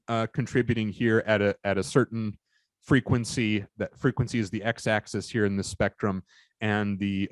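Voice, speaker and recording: A man with a somewhat low voice explains lecture material and often pauses, restarts and fills gaps. The recording is dry, with no room echo. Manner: halting, many fillers and restarts, explanatory.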